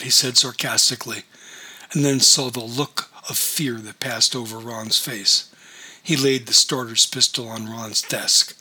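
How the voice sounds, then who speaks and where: A male audiobook narrator reading in an even, measured way. His voice is husky, with a bright, tense sharpness to the tone. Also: medium pitch.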